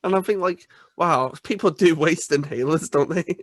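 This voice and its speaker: A man's voice: fairly high pitch, moderate pace, dry recording. Young man, co-host, casual chat, stammering, laughs a lot, dry close sound. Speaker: podcast co-host.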